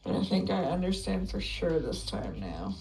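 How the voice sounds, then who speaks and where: A woman's voice: deep voice, sing-song, moderate pace, creaky, darkish tone, recorded from a distance, soft background music, rough recording. A woman playing a tabletop game, unsure of the rules and checking them aloud. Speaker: player. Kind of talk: tabletop role-play as a player.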